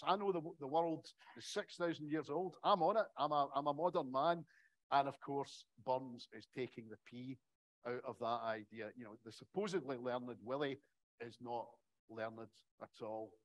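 A man's voice: medium pitch, low-quality recording. A middle-aged man giving a public academic lecture in a conversational way, with wry asides.

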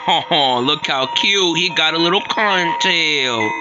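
A young man casually commenting on a horror game he is playing, teasing the enemies and yelling in fright when they chase him. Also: a little high, measured pace, few pauses, dull audio. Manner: playful trash talk, nervous yelling when chased. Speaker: gaming streamer. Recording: loud background music.

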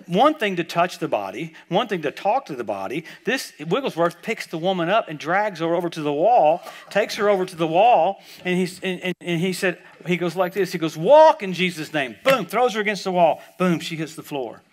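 Storytelling preacher with a higher-pitched voice. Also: male voice, lively intonation, brisk, hardly any pauses. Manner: storytelling, swings from quiet asides to loud emphatic bursts. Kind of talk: sermon. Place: church service.

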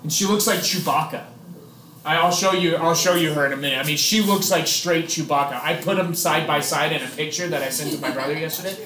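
A man's voice: on the high side, a little fast, a crowd in the background. A man teaching a biology class, chatty and joking, quizzing his students as he explains. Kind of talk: classroom lecture. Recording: echoey classroom.

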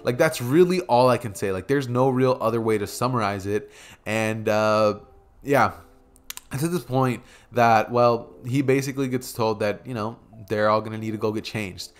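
A young man at a desk mic beside a keyboard casually improvises a fan story, rambling with lots of fillers and chuckled asides. His voice is medium-pitched and moves at a normal speed.

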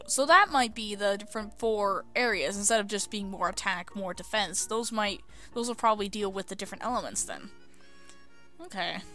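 Bright-voiced young woman reading game tutorials. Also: mid-range voice, normal speed, soft background music. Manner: reads game tutorial text aloud with casual asides. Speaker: let's play host. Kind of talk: video game commentary.

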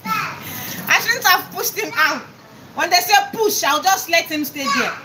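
Give me a chatty Nigerian woman with a high voice who laughs and shouts greetings on a noisy live stream. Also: lively intonation, unhurried. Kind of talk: casual live-stream chat while cooking.

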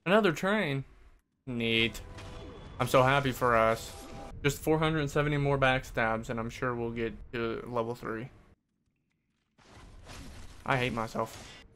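A man's voice: mid-range voice, slow, long pauses, a bit bright. Sarcastic, swearing male gaming streamer. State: sweaty and worked up. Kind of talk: live gameplay commentary.

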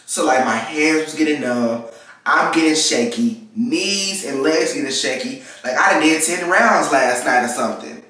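A man's voice: fairly high pitch, moderate pace, bright, forceful tone, recorded from a distance. A nineteen-year-old man from Texas, telling a casual story time and animatedly acting out the people in his story. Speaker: vlogger. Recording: very echoey room, mic set back.

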